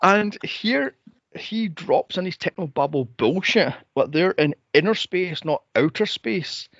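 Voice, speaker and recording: Guy cohosting a movie podcast, high voice all over the place, sweary and sarcastic, dry dull sound. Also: expressive, measured pace, fairly bright tone, no room sound. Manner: sweary, mocking, mimics film characters. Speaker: podcast co-host. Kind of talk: casual movie review chat.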